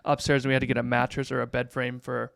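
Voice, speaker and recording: A man in his thirties, a pastor, telling a story in a relaxed chat with plenty of fillers. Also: medium pitch, fast talker, gravelly, no echo, clean studio sound. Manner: animated storyteller, many fillers. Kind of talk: casual podcast storytelling.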